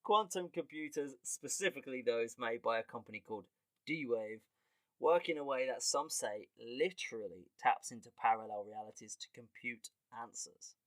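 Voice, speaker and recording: A man hosting a podcast as a casual comedic monologue, animated and quick to laugh, with casual swearing. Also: mid-range voice, no room sound. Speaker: podcast host.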